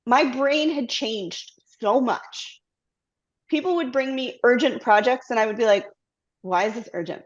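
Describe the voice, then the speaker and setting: A middle-aged woman sits for an interview and tells her own story with candor and reflection. Her voice sits a little higher than most, and she now and then slips into quoting the thoughts she once had. The recording is slightly muffled and lo-fi. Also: measured pace. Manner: reflective, acts out her past self-talk in quotes. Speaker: guest, company CEO. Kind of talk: candid conversational storytelling.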